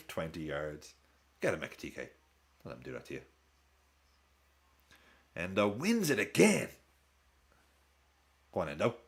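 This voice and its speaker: A man hosting a live football watch-along stream, casually chatting with viewers and reacting to the match. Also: quick pace. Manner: chatty, reacts to play and reads chat aloud; lively swings in pitch.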